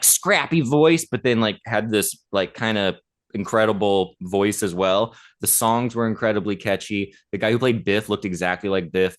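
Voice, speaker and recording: A man in his thirties, a podcast co-host, chatting casually and telling a story with enthusiasm and lots of fillers. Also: on the low side. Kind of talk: casual chat.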